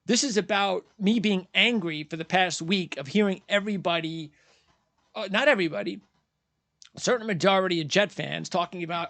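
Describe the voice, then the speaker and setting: High-voiced man in a heated sports rant. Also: fairly quick, sharp tone, dry recording. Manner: heated, blunt, repetitive ranting; mocks fans in put-on quoted voices. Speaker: sports channel host. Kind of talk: post-game sports commentary rant.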